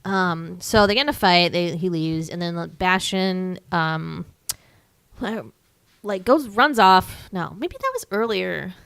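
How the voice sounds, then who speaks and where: A woman co-hosting a podcast, recapping a movie in casual chat with sarcastic asides and quick character impressions. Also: fairly low pitch, gravelly, fairly bright tone, clear, resonant tone, no echo. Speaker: podcast co-host.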